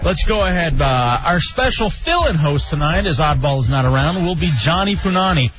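A man's voice: a little high, lively intonation, a little fast. A man hosting a casual radio show, joking around and reading promos and phone numbers. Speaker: radio host. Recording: dull lo-fi radio audio with music.

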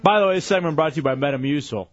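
A man's voice: fairly high pitch, racing, dull audio, soft background music. A man hosting a radio show, teasing a co-host and reading listener messages between laughs. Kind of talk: casual radio banter.

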